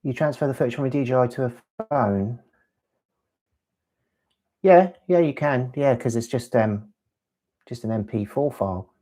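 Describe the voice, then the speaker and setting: Man, casual live-stream host, rambling, chatty, middle pitch. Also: normal speed, long pauses, mellow. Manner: rambling, chatty, reads chat aloud. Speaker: LEGO channel host.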